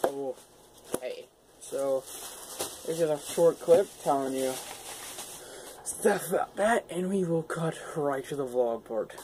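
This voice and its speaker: A man's voice: fairly high pitch, slow, long pauses, warm tone. A young man vlogging casually while holding his phone, rambling and laughing at himself. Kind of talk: casual vlog. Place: outdoors. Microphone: phone held in hand. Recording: noisy outdoor phone recording.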